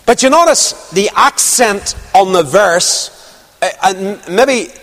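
A man's voice: high voice, expressive, takes it slowly, fairly bright tone. A man preaching a sermon, building emphasis through rising repeated phrases. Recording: long hall reverb.

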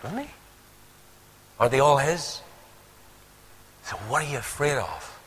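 Male preacher, lively pitch, storytelling sermon, long church-hall reverb. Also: measured pace. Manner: animated storytelling with rhetorical questions.

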